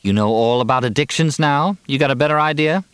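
Man voicing a weary sharp-tongued mother. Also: fairly high pitch, brisk, clear, resonant tone, no room sound, pitched above the performer's own voice, close to an everyday voice. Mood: defensive. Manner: blunt, defensive.

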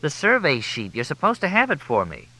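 A man's voice: a little high, huge pitch swings, fairly quick, sharp tone, voice pushed up, exaggerated voice. A man voicing a cheeky, pushy young male reporter with breezy, persistent questions.

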